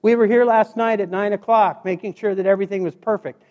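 A man from Montana with a high voice delivers a joking motivational speech to a live crowd. He is middle-aged and tells stories with sound effects and quick asides. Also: fairly even intonation, a little mellow, lo-fi sound. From Montana, USA. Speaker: motivational speaker. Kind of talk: humorous keynote speech. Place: stage before a live audience.

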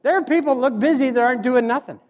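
Onstage before a live audience, a middle-aged Montana man delivers a humorous motivational keynote. He talks at a racing clip in an extremely high, slightly mellow voice, joking throughout and bringing his stories to life with sound effects.

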